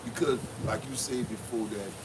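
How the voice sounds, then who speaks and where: A man's voice: fairly low pitch, steady tone, moderate pace. A man in casual chat, backing up the pastor with short affirmations. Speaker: companion of the pastor. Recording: distant mic with background noise.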